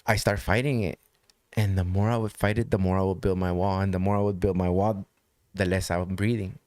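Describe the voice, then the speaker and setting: A man's voice: sits low, level tone, fairly quick, darkish tone, dry recording. A man telling a personal story in casual conversation, loose and profane, repeating phrases for emphasis.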